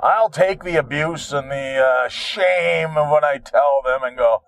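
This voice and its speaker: A man's voice: on the high side, takes it slowly, fairly bright tone, dry recording. A man in his sixties telling his own story in a rambling monologue, profane, wry and self-mocking.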